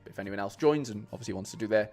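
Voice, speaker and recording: A man's voice: on the low side, rapid-fire, a little mellow, faint music behind. A man chatting casually on a live stream, rambling with lots of fillers and restarts and calling his viewers "mate". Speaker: streamer building fantasy football lineups.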